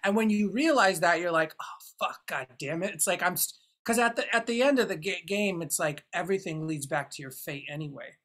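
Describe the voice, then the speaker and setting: A woman's voice: on the low side, brisk, few pauses. A woman in a reflective casual conversation, speaking thoughtfully and searching for her words.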